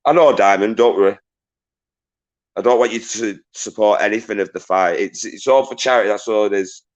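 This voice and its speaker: Reading chat aloud and greeting viewers, this deep-voiced livestreamer keeps up a slightly fast pace. He swears freely and rants with agitation in between shout-outs.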